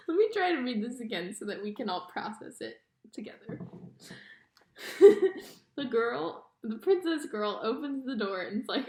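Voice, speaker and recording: A woman's voice: fairly high pitch, sing-song, normal speed, dark tone. A woman reading a children's novel aloud, breaking off for chatty, giggly asides, recorded in an echoey room. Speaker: book reader.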